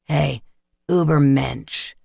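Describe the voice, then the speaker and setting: A man voicing a menacing male vampire warrior who speaks with low, hissing contempt. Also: normal speed, creaky, darkish tone, no echo. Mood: hissing menace.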